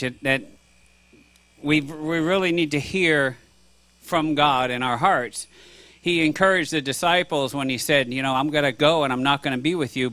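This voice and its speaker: Earnest man preaching, bright pitch. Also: no room sound. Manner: earnest, conversational, with restarts. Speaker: pastor. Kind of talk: sermon.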